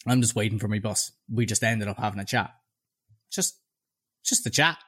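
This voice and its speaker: A man in his twenties with a Dublin accent, telling a story in a casual chat. He is animated, sweary and sardonic. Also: lowish voice, moderate pace. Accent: Dublin Irish. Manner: animated, profane, sardonic anecdote-telling with voiced quotes. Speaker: podcast co-host.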